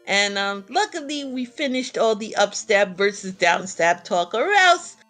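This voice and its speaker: A woman with a New York accent casually commentating a video game tournament, excitable and quick to laugh. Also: medium pitch, soft background music.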